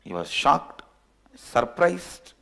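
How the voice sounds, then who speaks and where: A man telling a parable in a sermon, playful and animated. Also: a little high, drawn-out words, gravelly. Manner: playful, animated storytelling with chuckles. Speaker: spiritual teacher. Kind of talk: sermon storytelling.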